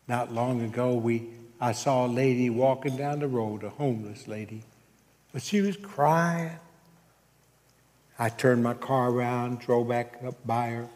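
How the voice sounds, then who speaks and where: A man's voice: mid-range voice, fairly even intonation, unhurried, darkish tone, long reverb tail. A man preaching a sermon, telling a story and checking in with his congregation as he goes. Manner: preaching with call-outs to the congregation. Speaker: pastor.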